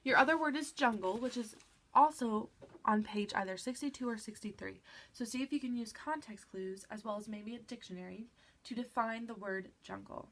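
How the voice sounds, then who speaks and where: A woman's voice: fairly high pitch, normal speed. A woman teacher with a stuffy nose, patiently guiding children through a reading lesson and checking in with them often. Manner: patient, encouraging, frequent "all right" check-ins.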